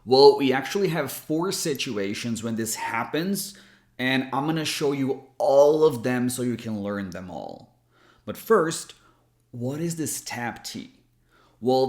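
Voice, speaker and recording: A male pronunciation coach teaching at an unhurried, slow pace in a mid-range voice. He speaks clearly and deliberately and models each example word. The sound has a noticeable echo. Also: mid-range voice. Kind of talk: scripted pronunciation lesson. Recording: echoey room.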